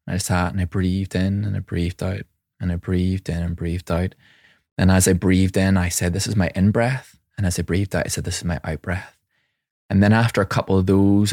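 A man's voice: low voice, steady tone, normal speed, no echo, studio quality. A man speaking as a mindfulness teacher and separated father, telling reflective personal stories with frequent restarts in a conversational interview. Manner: reflective, warm anecdotes with many restarts.

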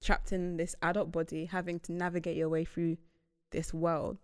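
Lively young woman telling stories. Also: lowish voice, moderate pace, smooth, dry recording, clean studio sound. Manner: animated storytelling. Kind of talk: casual chat.

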